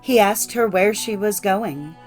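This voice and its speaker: A woman reading a classic fairy tale aloud in a measured, clear storytelling manner. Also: mid-range voice, faint music behind. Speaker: audiobook narrator. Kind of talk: scripted storybook narration.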